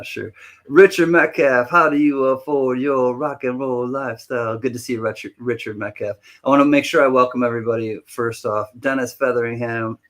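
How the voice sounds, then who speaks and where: A man hosting a live online auction stream, greeting viewers one by one in a playful, joking way. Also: mid-range voice. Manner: playful and jokey, rattles off viewer names quickly. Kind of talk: casual livestream chat greeting viewers.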